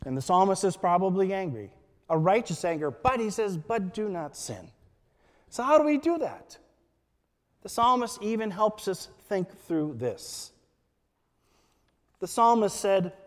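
Slow-preaching pastor in a reverberant hall. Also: male voice, high voice, big pitch swings. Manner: slow, deliberate preaching with scripture quotations. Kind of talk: sermon.

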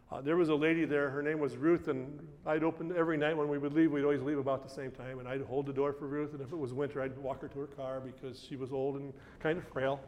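A man's voice: a little high, in a large hall. A middle-aged man, preaching a sermon as a pastor and telling a personal story in a conversational way, often restarting his phrases.

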